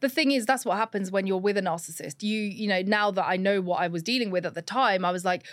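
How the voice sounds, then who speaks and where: A woman's voice: medium pitch, quick pace, no echo. A young woman, a podcast guest, candidly and animatedly telling a personal story with many fillers.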